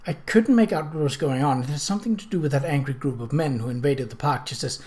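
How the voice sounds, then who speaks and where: A woman's voice: deep voice, fast, a little mellow, natural voice. A man voicing a firm, composed young noblewoman. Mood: puzzled. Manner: firm, controlled.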